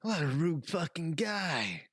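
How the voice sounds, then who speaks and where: A man's voice: on the high side, sing-song, slow pace, fairly bright tone, slightly rough. A man running a tabletop game as game master, telling the scene in a rambling, profane way and laughing often. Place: home streaming setup.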